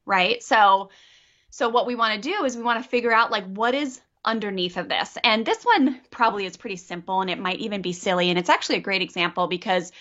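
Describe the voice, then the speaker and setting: A middle-aged woman coaching a parent on a call, animated and acting out child and parent voices. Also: medium pitch, fairly quick. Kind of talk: coaching a caller. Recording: dull lo-fi audio.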